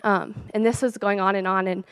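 A teenage girl tells her faith story in a chatty, casual way, sprinkling "like" through her sentences and laughing softly now and then. Her voice sits at a middling pitch, and it is recorded close and dry with no room sound. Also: fairly even intonation, fairly quick, clear, resonant tone, no echo. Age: late teens. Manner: chatty, peppered with "like" and soft laughs. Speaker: speaker sharing a faith testimony. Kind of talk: personal testimony talk.

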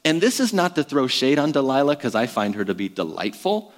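Chatty pastor in a reverberant hall. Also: male voice, medium pitch, big pitch swings, fairly quick. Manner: conversational, self-deprecating, lots of fillers. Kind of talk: sermon.

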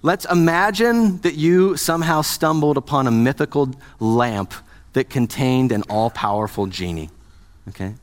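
A male pastor preaching to his congregation in a relaxed, conversational way. He jokes often and stops to ask the people in front of him questions. His voice sits at an ordinary middle pitch for a man. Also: moderate pace. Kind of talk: sermon.

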